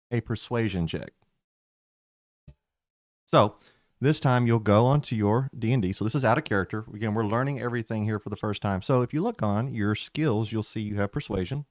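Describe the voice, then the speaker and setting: A man narrating as game master of a tabletop game in a relaxed, drawling way. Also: on the low side, moderate pace, no room sound, clean studio sound.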